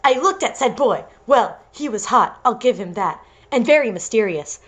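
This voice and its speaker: A woman's voice: on the high side, lively intonation, moderate pace. A young woman reading amateur fiction aloud for laughs, stumbling over words and breaking into giggles. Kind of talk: comedic read-aloud of fan-style fiction.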